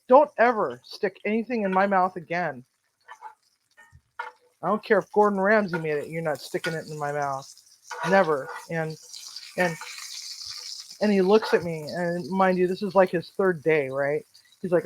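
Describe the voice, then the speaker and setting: Blunt, animated home cook. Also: medium pitch, normal speed, long pauses. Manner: animated, blunt, swears freely. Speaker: home cook and channel host. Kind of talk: cooking vlog with storytelling. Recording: noisy home recording.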